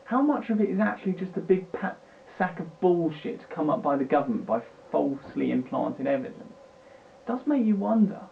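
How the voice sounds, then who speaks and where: A man's voice: on the high side, lively intonation, fairly quick, creaky. A British man ranting and swearing in a rambling, agitated way, recorded at home at his computer. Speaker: vlogger. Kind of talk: unscripted political rant. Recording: tinny lo-fi mic with faint hiss.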